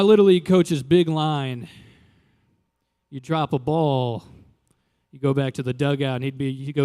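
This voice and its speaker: A young adult man from Louisiana doing a stand-up comedy set in a loose, conversational way, jumping into animated quoted voices. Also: mid-range voice, a little slow, long pauses, smooth, long reverb tail. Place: live comedy venue.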